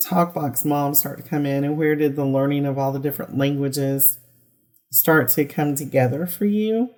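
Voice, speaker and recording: A woman's voice: sits low, moderate pace, a little mellow. A woman hosting a podcast, listening closely and asking open questions. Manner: attentive listener, short backchannels and open questions. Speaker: podcast host. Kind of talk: interview questions.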